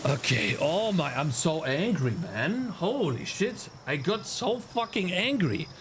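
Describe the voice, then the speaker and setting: A man's voice: fairly high pitch, very animated, slow, noisy background. A young man streaming as a game developer, ranting in exasperation with heavy swearing and sighs. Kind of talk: live-stream commentary while coding.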